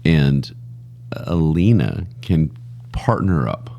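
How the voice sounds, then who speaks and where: A man's voice: a bass voice, lively intonation, slow pace, creaky, dark tone, dull audio. A man hosting a podcast, joking around loosely and swearing in casual chat. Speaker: podcast host. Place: Texas.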